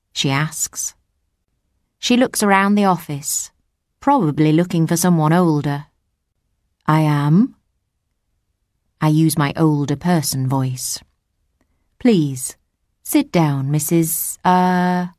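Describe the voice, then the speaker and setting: A woman reading a first-person audiobook story in a plain, measured way. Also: low-pitched, darkish tone, no room sound, clean studio sound. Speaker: audiobook narrator. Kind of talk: scripted first-person narration.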